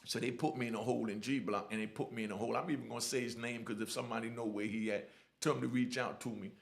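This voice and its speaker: A middle-aged man telling his own prison stories in blunt, lively street talk, often asking "you know what I mean". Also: mid-range voice, very fast, creaky. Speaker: storyteller sharing prison stories. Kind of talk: casual storytelling.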